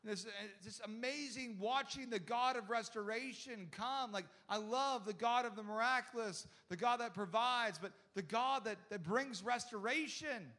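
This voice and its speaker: A young man preaching a sermon with a high voice. He tells a story with animated energy, quoting people in quick bursts and repeating words as he goes. His delivery jumps between loud, excited moments and hushed asides. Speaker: pastor.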